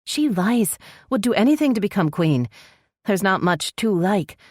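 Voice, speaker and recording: A woman's voice: mid-range voice, sing-song, moderate pace, no echo, clean studio sound, voice pushed up. A woman voicing a spirited young elf princess who speaks insistently and pleads.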